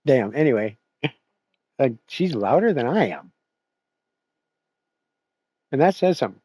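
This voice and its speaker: A streamer host chats casually after a sim race stream, rambling, swearing, and laughing often. His voice is fairly high but dark and husky, and the recording is dry.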